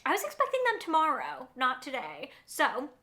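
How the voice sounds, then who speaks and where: A young woman chatting casually in a book vlog, gushing and excitable, full of "like" and "oh my God". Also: high voice, moderate pace. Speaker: book vlogger.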